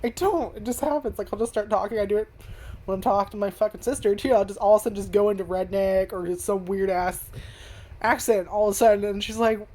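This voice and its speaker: Sitting at home with her webcam zoomed in on her face, a woman gives a casual video review of an anime. She rambles and swears with many fillers, speaking fast in a mellow, mid-range voice.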